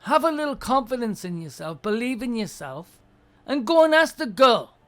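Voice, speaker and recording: A woman hosting an advice show, giving blunt, profane advice and acting out quick mock scenes along the way. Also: a little high, sing-song. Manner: acts out little scenes in quick mock voices. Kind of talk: casual advice rant.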